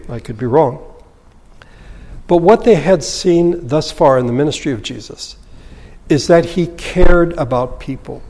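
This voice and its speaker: A man's voice: a little high, darkish tone, in a large hall. A man preaching a sermon as a pastor, earnest and explanatory, often asking rhetorical questions.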